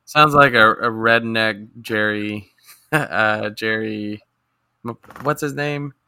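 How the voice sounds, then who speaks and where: A man's voice: lowish voice, slow pace, pushed and bright, clean tone. A man co-hosting a casual movie-review chat, giving dry, brief, profane interjections. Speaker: podcast co-host.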